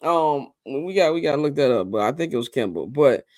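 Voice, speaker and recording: Lively man hosting a sports chat. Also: mid-range voice, a little fast, no room sound, studio quality. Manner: animated, fillers and restarts, leads the discussion. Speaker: podcast host. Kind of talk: casual sports talk.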